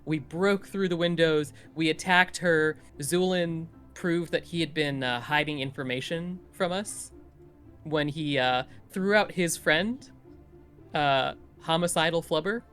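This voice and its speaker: Animated man recapping a tabletop game. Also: a little high, a little slow, faint music behind. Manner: animated storytelling, playful voices in quotes. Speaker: player giving a recap. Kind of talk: casual session recap.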